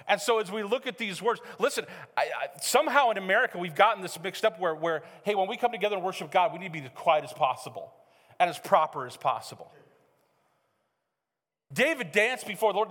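A middle-aged male pastor preaching a sermon in a church, animated and joking, acting out quotes as he tells stories. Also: high voice. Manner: animated, joking storyteller who acts out quotes. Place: church sanctuary. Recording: hall reverb.

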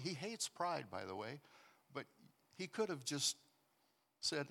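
A man of ordinary pitch tells a story in an earnest, halting way. He restarts often and breaks into soft laughs. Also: expressive. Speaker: guest telling a personal story. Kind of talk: casual storytelling.

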